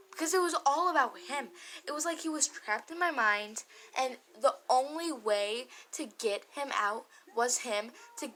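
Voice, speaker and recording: Woman vlogger, bright and sharp tone, candid and emotional storytelling with frequent swearing. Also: a little high, rough recording. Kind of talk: confessional storytime vlog.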